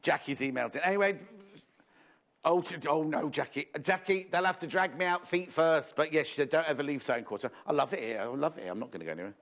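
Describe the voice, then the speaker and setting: Man, shopping TV host, fairly high-pitched, playful, chatty, reads viewer messages. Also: lively intonation, fast, fairly bright tone. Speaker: TV shopping presenter. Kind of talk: live shopping channel chat, reading viewer messages.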